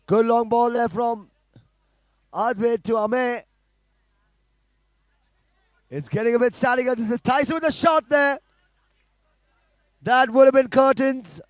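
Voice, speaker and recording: A man giving live play-by-play commentary on a football match, calling passes quickly and rising to shouts at goals. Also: extremely high pitch, no room sound, studio quality.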